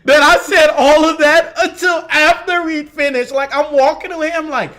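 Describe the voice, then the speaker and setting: A man's voice: very high voice, moderate pace, hardly any pauses. A man with a Louisiana accent, a podcast co-host chatting casually and telling stories with lots of laughter and cursing. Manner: animated, laughs often, profane storytelling. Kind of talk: casual chat.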